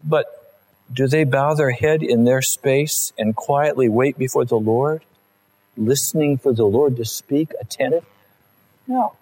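A male pastor preaching in a relaxed, conversational way and acting out small everyday scenes. He speaks slowly and deliberately, with a voice of ordinary middle pitch. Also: poor audio. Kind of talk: sermon.

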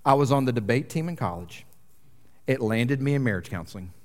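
A man's voice: medium pitch, expressive, brisk, darkish tone. A young man preaching a casual, conversational sermon as a pastor, with a joking, self-deprecating manner. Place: church sanctuary. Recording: long reverb of a large church hall.

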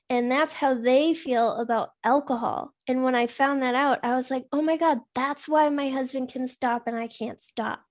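A woman talking in a relaxed, explanatory way in a casual podcast conversation, with lots of "like". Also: sits high, normal speed, few pauses.

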